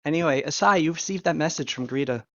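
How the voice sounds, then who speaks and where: A man running a tabletop game as game master, narrating slowly with many fillers and restarts. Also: fairly high pitch, fairly bright tone, dry recording, highs cut off. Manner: slow, halting, many fillers.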